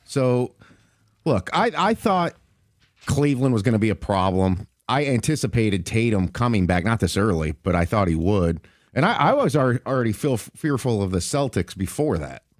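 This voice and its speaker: Lively, even-keeled sports radio analyst. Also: male voice, on the low side, normal speed, no room sound, studio quality. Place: radio studio. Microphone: studio microphone.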